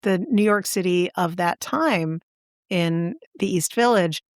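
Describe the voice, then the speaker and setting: A woman with a lowish voice tells a story in casual chat, eager and animated. She jumps up in pitch to stress her words. The recording is dry and close. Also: measured pace, dry recording. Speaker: podcast co-host.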